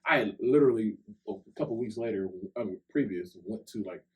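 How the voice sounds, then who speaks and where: A very low-voiced young man talks into a podcast mic. His storytelling is loose and chatty, with a "like" or a "right?" every few words. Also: brisk, rough recording. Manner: loose, conversational, many "like" and "right?" fillers. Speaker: podcast co-host. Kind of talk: casual storytelling chat. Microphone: podcast microphone.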